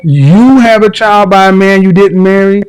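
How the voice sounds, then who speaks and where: A man's voice: high-pitched, normal speed, noisy background. A man hosting a call-in advice show, questioning a caller bluntly. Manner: blunt, interrogating.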